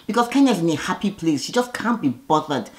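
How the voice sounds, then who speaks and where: A woman with a slightly low voice talking through a reality show episode in a loose recap. She is blunt and sassy, throwing out sharp opinions on the cast in an animated way. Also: brisk. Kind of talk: casual recap commentary.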